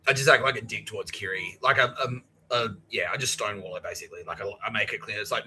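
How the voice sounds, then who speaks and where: A man's voice: lowish voice, fast talker, few pauses, bright, forceful tone, slight background noise, rough recording. A man in his thirties, a podcast host telling a rambling, profane story and acting out the other people's lines. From Australia. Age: 30s. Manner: profane, acts out others' lines, laughs often. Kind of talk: rambling monologue.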